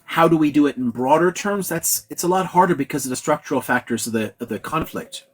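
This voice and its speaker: A man's voice: on the high side, fast talker. A man hosting a casual live-stream discussion, talking bluntly and swearing freely. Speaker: host.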